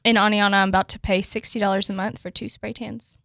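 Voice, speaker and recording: A woman's voice: mid-range voice, flat delivery, fast talker, creaky, fairly bright tone, no room sound, studio quality. A young woman co-hosting a podcast in casual chat, chatty and upbeat, laughing easily. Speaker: podcast co-host.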